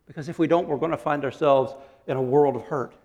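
A man preaching a sermon as pastor, animated, acting out quotes and laughing often. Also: on the high side, quick pace, muffled recording. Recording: long hall reverb.

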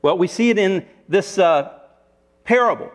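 A preacher delivers a sermon in a fairly high-pitched male voice. He tells a parable vividly, pausing for rhetorical questions and leaning on key words. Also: animated. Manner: storytelling, rhetorical questions, varied emphasis. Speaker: pastor.

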